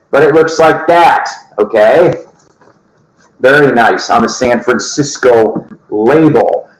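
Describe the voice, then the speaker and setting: A man hosting his own record-collecting vlog, chatting to viewers in a jokey, rambling way. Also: on the high side. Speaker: vinyl record vlogger. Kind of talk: casual chat to camera. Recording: echoey room.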